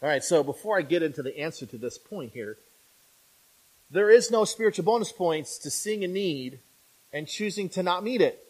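A man whose voice sits high for his sex delivers a sermon with a breathy edge. He keeps it chatty, often dropping a quick "right?" to the congregation and acting out imagined speakers with animation.

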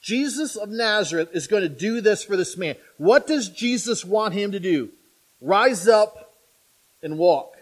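High-voiced man preaching a lively sermon. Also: a little slow. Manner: conversational, with frequent "right?" tags to the congregation; animated, acting out imagined speakers.

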